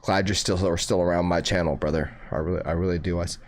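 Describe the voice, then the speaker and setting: A young man with a low voice talks fast in a fairly even tone while hosting a fan channel livestream. He reads viewer comments in casual chat, swears freely and keeps calling his listeners "bro."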